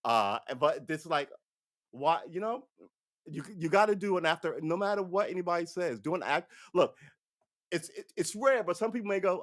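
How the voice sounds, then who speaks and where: A man's voice: sits high, animated, moderate pace. A man giving a casual, opinionated live-stream monologue on current events, rambling and swearing as he goes. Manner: rambling, profane, mocks others with put-on voices. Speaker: live-stream political commentator.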